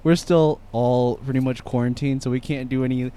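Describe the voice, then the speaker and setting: A man's voice: medium pitch, steady tone, moderate pace, mellow, clean tone. A man co-hosting a podcast, talking casually and rambling with lots of fillers. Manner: rambling, filler-heavy, self-correcting. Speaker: podcast co-host. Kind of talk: casual chat.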